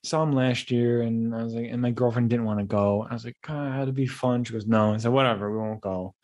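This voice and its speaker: A man's voice: medium pitch, brisk. Rambling young man hosting a podcast. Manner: rambling, animated storytelling with frequent restarts. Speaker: podcast host. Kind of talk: casual monologue.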